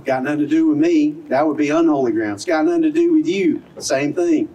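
A man's voice: a little high, a little fast, mellow, distant mic, poor audio. A middle-aged man preaching an outdoor sermon as pastor, earnest and conversational, full of rhetorical questions. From American South. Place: outdoor service in a parking lot.

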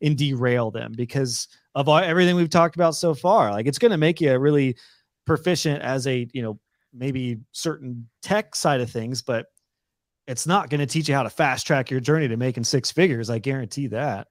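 A man's voice: mid-range voice, normal speed, no echo. Emphatic man with a dry, close sound. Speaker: course instructor and co-host. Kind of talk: casual podcast discussion.

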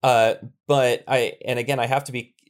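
A man's voice: medium pitch, level tone, moderate pace. A man hosting a podcast who talks carefully, thinking aloud and choosing his words. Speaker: podcast host. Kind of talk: casual podcast interview.

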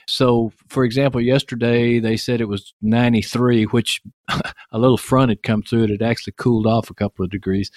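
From a home office in an upstairs bedroom, a podcast host with a Texan accent conducts a casual interview, chatty and joking with rambling asides. His mid-range voice has a darkish tone, and the sound is clean studio quality with no room sound.

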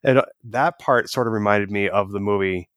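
A man co-hosting a podcast, chatting in a casual, animated way and acting out quoted lines as he tells stories. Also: on the low side, brisk, no echo, clean studio sound. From United States. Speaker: podcast co-host. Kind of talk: casual review chat.

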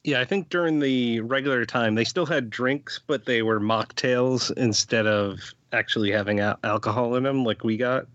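A man co-hosting a podcast, talking casually and chattily, full of fillers and quick asides. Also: mid-range voice, a bit bright, no echo, dull audio. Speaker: podcast co-host. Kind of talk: casual chat.

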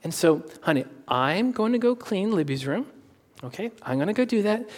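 A man in his thirties preaching a sermon, telling personal stories and acting out the dialogue in quick, animated voices. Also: sits high. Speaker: pastor. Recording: long reverb in a hall.

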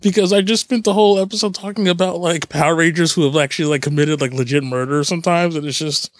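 A man hosting a podcast, chatting casually and rambling, quick to laugh. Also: on the high side, steady tone, dry recording. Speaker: podcast host.

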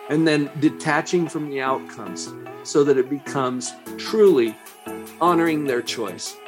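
A man hosting a parenting podcast, explaining calmly and slowing down to stress key words. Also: on the high side. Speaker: parenting coach and podcast host. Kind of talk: podcast monologue.

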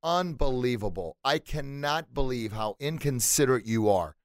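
A man voicing an indignant townsperson who yells insults in a raised, high voice. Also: expressive, moderate pace, no echo, studio quality, natural voice. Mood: scolding. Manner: indignant, high-pitched, shouting. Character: shrill, scolding townsperson yelling insults.

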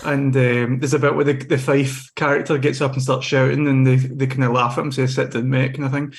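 A man's voice: mid-range voice, flat delivery, a little fast. A young man on a podcast panel, talking football in a casual, rambling way with frequent restarts.

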